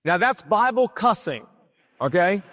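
A man's voice: high-pitched, sing-song, a little slow, a bit bright. A male pastor preaching a sermon, telling a Bible story emphatically and dramatically. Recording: long hall reverb.

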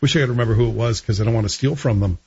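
A man's voice: medium pitch, racing, creaky, a little mellow, husky, no room sound, muffled recording. A man hosting a morning talk radio show, chatting casually and opinionatedly with a guest and chuckling between points. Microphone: studio microphone.

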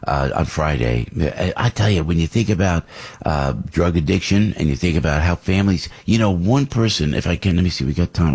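Heated, animated husky-voiced male radio host. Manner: animated, heated, swings from high outbursts to low asides. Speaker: radio talk show host. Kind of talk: opinionated radio talk.

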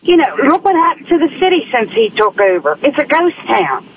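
A woman calling in to a radio show, complaining in a slow, deliberate way. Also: high-pitched, big pitch swings, crowd noise. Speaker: caller. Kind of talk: call-in opinion. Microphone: telephone. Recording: muffled phone line with faint hiss.

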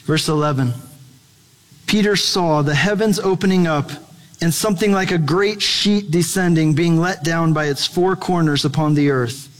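A man's voice: fairly high pitch, moderate pace. A man preaching a sermon in a conversational, playful way. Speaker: pastor. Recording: long hall reverb.

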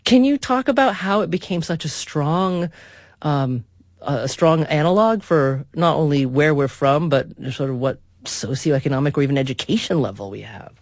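A woman radio host speaking into a dry, close studio mic. She puts her questions in a measured, thoughtful way and pauses now and then to find the right words. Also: low voice, lively intonation, darkish tone, no echo. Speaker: radio talk show host. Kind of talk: hosting an interview on public radio.

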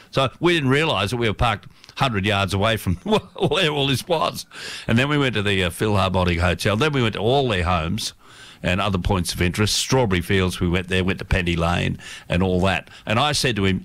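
Man, low voice, dry close sound, casual chat, rambling storyteller. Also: lively intonation, brisk, fairly bright tone, no echo. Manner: rambling, self-correcting, laughs while telling stories.

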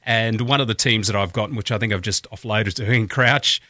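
A man's voice: lowish voice, brisk, bright, forceful tone, dry recording, studio quality. A man with an Australian accent, hosting a breakfast radio show and chatting casually while reading out listener messages. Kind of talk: casual morning radio chat. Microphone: studio microphone.

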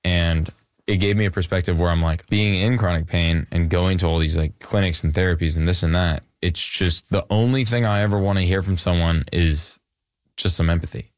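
A man's voice: low voice, normal speed, clean tone, dry recording, studio quality. A young man in his twenties from Canada, a musician talking casually in a rambling way with lots of fillers. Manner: relaxed, rambling with many fillers. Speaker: musician guest. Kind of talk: casual interview chat.

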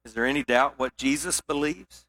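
A man preaching a sermon, telling a parable with drama and dropping to a hush for serious points. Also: medium pitch, normal speed. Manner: dramatic storytelling, drops to a hushed voice for weight.

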